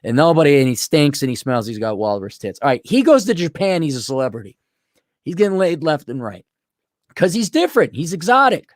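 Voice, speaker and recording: A man hosting an opinionated commentary monologue, rambling and animated, often slipping into mocking impressions. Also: fairly high pitch, a little fast, no room sound, clean studio sound. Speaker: host.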